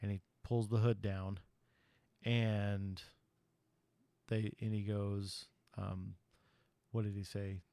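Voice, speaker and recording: Slow and flat, with long pauses, this podcast host walks through a movie's plot in a casual, meandering recap stuffed with ums and you-knows. His fairly low voice is creaky yet warm, and there's no room sound.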